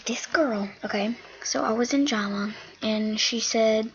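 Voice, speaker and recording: A woman's voice: fairly high pitch, a little slow. A woman in a casual vlog rant, rambling and agitated as she retells a quarrel. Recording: dull lo-fi home recording.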